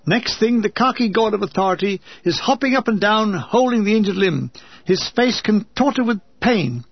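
Wry, high-voiced man reading a memoir. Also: expressive, normal speed, creaky, slightly rough, dry recording, dull audio. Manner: wry, lyrical. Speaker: narrator reading his own war memoir. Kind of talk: audiobook reading with comic asides.

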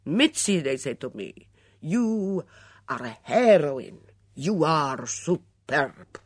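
A woman's voice: sits low, big pitch swings, slow, husky, no echo, clean studio sound, pitched below the performer's own voice, exaggerated voice. Woman doing a boastful foreign housekeeper. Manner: loud, swaggering mock accent.

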